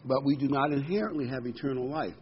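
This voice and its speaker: A man's voice: mid-range voice, quick pace, highs cut off, a little hiss or hum. A man preaching a sermon in an earnest teaching manner, quoting and explaining scripture with frequent "um"s.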